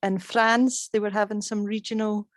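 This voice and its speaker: A woman's voice: mid-range voice, flat delivery, moderate pace, no echo, studio quality. A woman with a Glaswegian accent co-hosting a podcast, talking politics in a wry, jokey way. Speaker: podcast co-host. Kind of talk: casual political chat.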